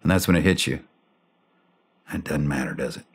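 Husky, bass-voiced, and a little fast, this middle-aged former special operations soldier tells a war story on a podcast, performing the dialogue with animated bluntness.

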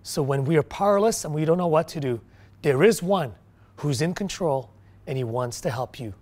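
A male pastor preaching a sermon, swinging from quiet, low stretches to loud, emphatic bursts, with frequent restarts. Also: animated, normal speed.

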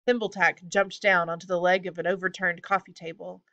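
A woman narrating a children's fantasy book aloud in a steady, clear reading voice. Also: fairly low pitch, brisk, dull audio. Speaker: audiobook reader. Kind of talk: storybook narration.

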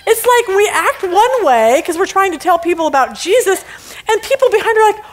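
A woman teaching a casual Bible study lesson, animated, often laughing and acting out little scenes. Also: very high voice, brisk, poor audio.

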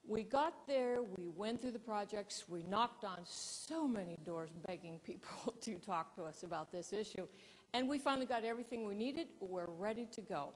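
A woman keynote speaker and presentation coach, telling a story to an audience in a lively, animated way. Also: medium pitch, moderate pace, in a large hall.

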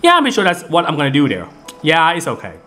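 Bright, lively rambling gameplay commentator. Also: male voice, a little high, fast talker. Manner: rambling with many fillers and restarts. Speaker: gaming video host. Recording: game music in the background.

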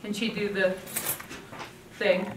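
An older woman giving a talk on parenting, telling lively stories and acting out what her children said. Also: mid-range voice, slow pace. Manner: lively storytelling, acting out quoted family voices. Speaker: parenting speaker. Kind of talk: talk to an audience. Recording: distant mic, roomy echo, faint background noise.

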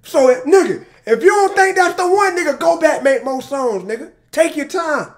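A man reacting to music on his channel, excitable and emotional, shouting and exclaiming and talking straight to his viewers. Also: very high voice, moderate pace. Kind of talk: casual reaction commentary.

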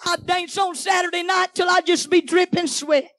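Preaching with full force in a church sanctuary, a middle-aged woman shouts her fiery Pentecostal sermon in a very high voice whose intonation stays fairly even. Her phrases land in a punchy, chant-like rhythm, broken by rapid remarks aimed at the pews. Recorded close and dry, the sound carries almost no reverb.

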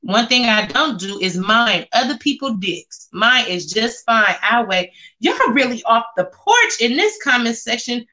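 A chatty woman speaks, reacting to viewer comments on a casual live stream. Her voice sits a bit high and rings bright and sharp. She talks with plenty of sass and loud exclamations. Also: big pitch swings, unhurried. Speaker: vlogger reading live chat.

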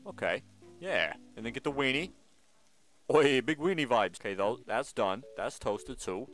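Lively, playful man doing gameplay commentary. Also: medium pitch, moderate pace, faint music behind. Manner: playful, banters with game customers. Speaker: gaming channel host.

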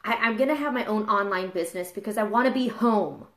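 A woman's voice: medium pitch, fast, a bit bright. A woman in her thirties, a mom and fitness trainer, talking candidly and confessionally in a casual live video. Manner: candid, confessional, gets emotional. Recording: echoey room.

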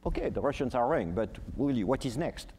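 A Frenchman in his sixties, appearing as a guest ambassador on a panel, speaks with a French accent at a moderate pace in a medium-pitched, slightly breathy voice. He tells stories animatedly but hesitantly, filling his speech with fillers, and a long reverb tail trails his words.

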